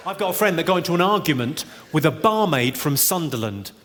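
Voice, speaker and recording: A man doing stand-up comedy with deadpan, quick one-liners in a large theatre. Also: on the high side. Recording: live theatre with long reverb and loud noise.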